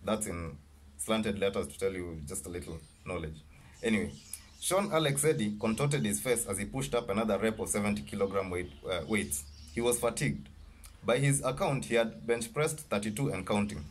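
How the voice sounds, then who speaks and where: A man reading his own novel aloud, halting and correcting himself as he goes. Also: fairly low pitch, slight background noise. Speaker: author.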